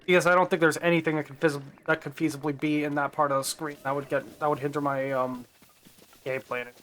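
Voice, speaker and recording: A man's voice: on the high side, little pitch movement, quick pace, fairly bright tone, slight background noise. A man chatting casually while streaming a video game, rambling and correcting himself as he plays. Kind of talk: casual live-stream commentary.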